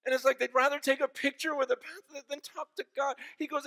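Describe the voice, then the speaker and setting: A man preaching at a conference, telling stories emphatically, dropping to a hush and rising to loud, impassioned peaks. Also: very high-pitched, flat delivery, fast, hardly any pauses. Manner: emphatic storytelling, swings from hushed to loud and impassioned. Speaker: pastor. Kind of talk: conference sermon. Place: conference hall. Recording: speech in a large reverberant hall.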